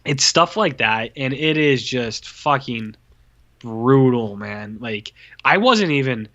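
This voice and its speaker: A man in casual podcast chat, tearing into a movie with blunt, profane complaints. His voice is getting a little hoarse, and the recording sounds dull and lo-fi. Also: mid-range voice, expressive, takes it slowly, pushed and bright. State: voice going hoarse. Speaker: podcast co-host. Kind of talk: casual film review chat.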